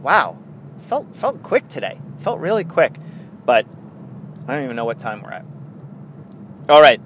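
Podcast host, man, New York accent, excitable and rambling, mid pitch, faint car noise in the background. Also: a little slow, long pauses. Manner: chatty, rambling and excitable, with frequent laughs. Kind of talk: casual solo podcast chat.

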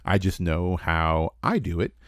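Deep-voiced man, earnest podcast chat. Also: measured pace, dry recording, clean studio sound. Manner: earnest and reflective, with restarts. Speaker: podcast co-host and player. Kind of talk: casual chat.

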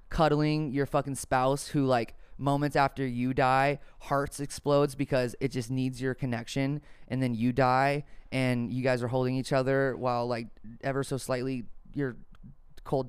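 A man in his thirties hosting a solo podcast, talking in a rambling, profane, animated way. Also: medium pitch, clear, resonant tone, no room sound. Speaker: podcast host. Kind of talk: casual solo podcast monologue.

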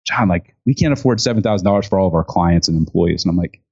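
Low-voiced man telling a story animatedly. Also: fast talker, husky. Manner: animated storyteller acting out quotes with many fillers. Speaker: guest, speaker and author on gifting. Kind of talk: storytelling in an interview. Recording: dull lo-fi sound.

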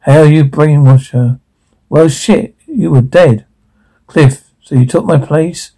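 A man playing a gruff, bitter, hot-tempered grown man in a TV drama, given to swearing outbursts. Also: fairly high pitch, slow pace, warm tone, poor audio. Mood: angry confrontation.

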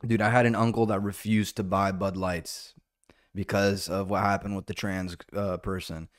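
A man hosting a solo comedy podcast in a rambling, profane monologue, now and then jumping into loud, high-pitched bits. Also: little pitch movement, moderate pace.

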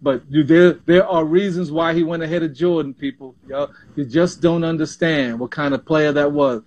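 A man in his sixties from Panama, a former basketball player telling stories as an interview guest, animated and often repeating himself. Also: on the high side, moderate pace, muffled recording. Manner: animated, repeats and restarts words. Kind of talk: casual interview storytelling.

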